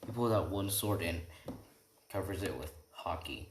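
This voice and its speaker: A man's voice: low-pitched, lively intonation, normal speed. A man casually retelling an invented story while playing a video game, rambling and often checking in with "right?". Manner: rambling, keeps asking "right?". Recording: roomy room echo, faint noise.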